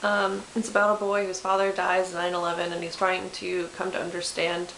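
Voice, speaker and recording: A woman's voice: on the low side, monotone, brisk, a bit bright. A woman in her twenties chatting casually about books she loves, with lots of fillers and self-corrections. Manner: chatty, self-deprecating, many fillers and restarts. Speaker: book vlogger. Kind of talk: casual chat. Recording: echoey room with faint hiss.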